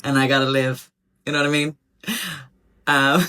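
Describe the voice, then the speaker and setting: Wry low-voiced woman vlogging. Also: little pitch movement, normal speed, long pauses, bright, forceful tone, clean tone. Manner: chatty, wry. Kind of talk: casual vlog talk.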